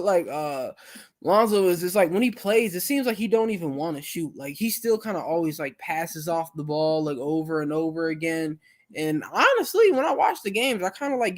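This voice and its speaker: A young man hosting a live stream, chatting casually with viewers in a relaxed, rambling way full of fillers. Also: on the high side. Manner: laid-back, rambling, many fillers.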